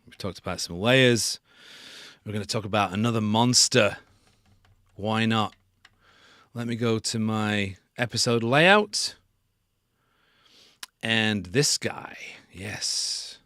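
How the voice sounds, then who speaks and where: Relaxed, low-voiced man teaching. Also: slow pace, pauses often, dry recording, studio quality. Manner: casual, self-deprecating. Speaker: sound designer hosting a tutorial. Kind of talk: live stream tutorial.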